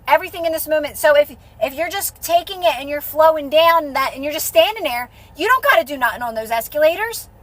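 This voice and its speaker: High-voiced woman talking casually. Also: lively intonation, quick pace, few pauses, a bit bright, poor audio. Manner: rambling, restarts often, colloquial. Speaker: manifestation coach, live streamer. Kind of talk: casual live-stream talk. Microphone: phone.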